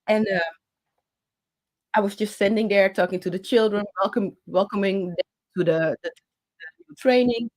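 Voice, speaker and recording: Passionate woman telling a story. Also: medium pitch. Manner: passionate, talks with her hands; halting, many fillers and restarts. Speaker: channel host. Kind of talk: personal storytelling to camera. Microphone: handheld microphone.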